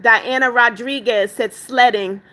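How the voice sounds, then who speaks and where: A woman's voice: a little high, fairly even intonation, measured pace, sharp tone. An older woman hosting a livestream, reading viewers' chat comments aloud and fondly calling them darling. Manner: affectionate, calls viewers darling. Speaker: livestream host.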